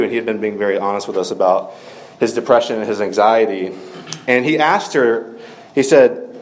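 A man's voice: fairly low pitch, moderate pace. Casual man preaching with lots of fillers. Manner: conversational, many fillers like "like" and "um". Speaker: campus minister preaching. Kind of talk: casual storytelling sermon.

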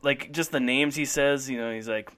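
A man co-hosting a casual chat, animated and quick to laugh while reciting movie lines. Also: medium pitch. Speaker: podcast co-host.

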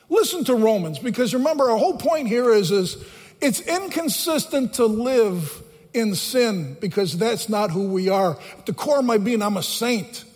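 Guy pastor preaching, real high voice, keeps repeating lines for emphasis, big echoey church. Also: a little mellow. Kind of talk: sermon. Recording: long reverb of a large hall.

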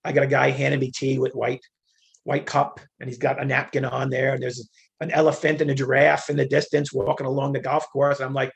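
Very raspy, gravelly older man. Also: medium pitch, a little fast. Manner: animated, acts out quoted dialogue, frequent fillers. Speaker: interview guest, retired federal agent. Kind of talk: conversational storytelling.

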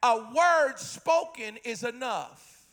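A preacher in his fifties with a very high, bright and sharp voice, delivering a sermon in church. He preaches with passion and hammers home his points through repeated refrains. His pitch swings widely as he climbs to shouted peaks. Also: expressive, takes it slowly. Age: 50s. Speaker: pastor.

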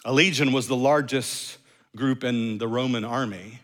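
Bright-voiced man preaching a sermon. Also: steady tone, normal speed. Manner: earnest, swings between loud emphasis and hushed low phrases; repeats words and restarts while thinking aloud. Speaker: pastor.

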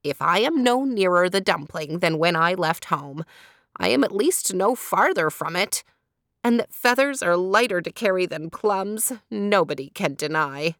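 A woman reading a storybook, giving a cheerful, thrifty old peasant woman plain, contented lines in her own lowish voice. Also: animated, measured pace, fairly bright tone, no room sound, studio quality.

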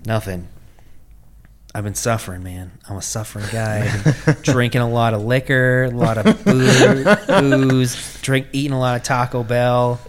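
A man's voice: medium pitch, unhurried. Young man, casual storyteller, profane, acts out quotes with raised voice.

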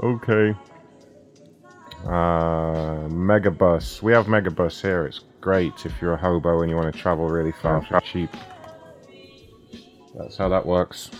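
Deep-voiced man hosting a prank call stream. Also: steady tone, measured pace, pauses often, dull audio, faint music behind. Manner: loose, profane, joking. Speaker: prank call show host. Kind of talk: casual live-stream chat.

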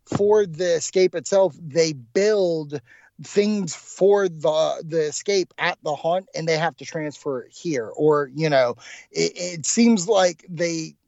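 A man co-hosting a podcast, telling a rambling, excitable story with lots of fillers. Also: a little high, slow, creaky, no echo, muffled recording. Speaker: podcast co-host. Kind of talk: casual podcast chat.

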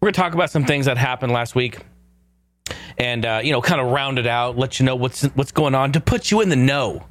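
A man's voice: medium pitch, a little fast, fairly bright tone, no echo. A man hosting his own podcast in a casual, jokey way, swearing now and then. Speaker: podcast host.

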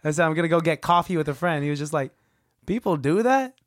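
A hoarse young man co-hosting a podcast, telling animated stories and mimicking other people in casual chat. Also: a little high, very fast, no echo, clean studio sound. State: hoarse voice from allergies. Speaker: podcast co-host.

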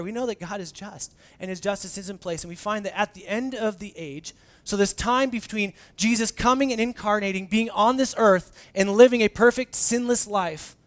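A young adult man preaching a sermon as pastor in a conversational, animated way, acting out the dialogue he quotes. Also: high-pitched.

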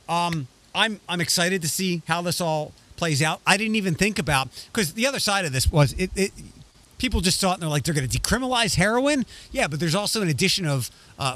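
A man's voice: on the high side, fairly bright tone. A man co-hosting a casual discussion podcast, talking in a rambling way with frequent restarts. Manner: rambling, restarts often, reads news excerpts aloud.

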